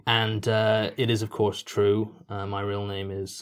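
A man's voice: lowish voice, slow, fairly bright tone. A British man answering interview questions casually, hesitant with many fillers and dry self-mocking jokes. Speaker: podcast writer and performer.

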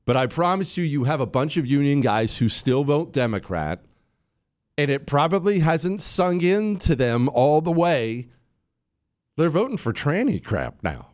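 A man's voice: fairly high pitch, measured pace. A man hosting a talk radio show, delivering an emphatic, opinionated monologue and calling out to his producers. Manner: animated, emphatic, addresses producers on air.

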